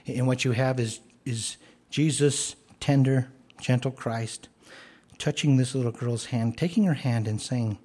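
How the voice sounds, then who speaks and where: A man preaching a sermon, earnest and explanatory, rising to emphatic declarations and dropping to a soft, gentle tone. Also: medium pitch, unhurried. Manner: earnest, rises to emphatic commands then drops soft.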